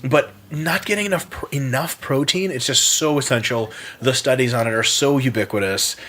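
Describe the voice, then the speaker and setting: A man's voice: mid-range voice, moderate pace, fairly bright tone. A man from the United States, a podcast guest in casual chat, blunt and jokey, swearing freely. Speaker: podcast guest, sports scientist.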